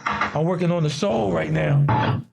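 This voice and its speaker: Loud music plays behind a slightly high-pitched man speaking at a measured pace. A fashion designer guesting on a podcast, he has a Mid-Atlantic DMV accent and a husky, gravelly voice, and he tells stories in casual talk, animatedly performing the voices of people he quotes.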